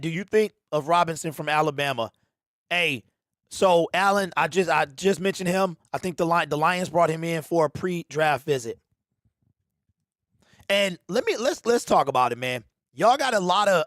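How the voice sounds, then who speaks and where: A man hosting a casual fan livestream, animated and slangy, talking straight to his chat. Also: a little high, normal speed, no room sound, studio quality. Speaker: livestream host.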